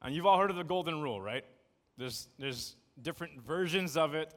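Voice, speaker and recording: A man in his thirties giving a casual, jokey sermon to a congregation, telling stories in a lively, conversational way. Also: fairly high pitch, fairly quick. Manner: conversational, jokey, animated storytelling. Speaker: preacher. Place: church sanctuary. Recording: long reverb of a church hall.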